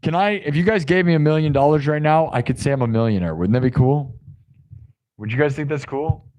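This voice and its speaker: A man's voice: on the high side, a little fast, a little mellow. A man hosting a live stream, chatting casually and joking with his viewers in a rambling way. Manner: jokey, rambling, talks to chat. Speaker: live stream host and improv musician.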